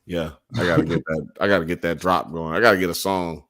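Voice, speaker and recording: A man's voice: low voice, steady tone, fast, a bit bright. A man hosting a casual podcast, blunt and profane with strong opinions. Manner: blunt, profane, hot takes. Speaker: host. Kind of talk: casual late-night podcast banter.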